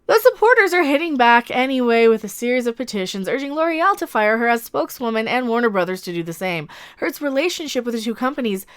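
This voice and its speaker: A woman's voice: on the high side, lively intonation, fast talker, few pauses, a bit bright, smooth. A woman giving rambling, sarcastic and opinionated commentary as an online commentator.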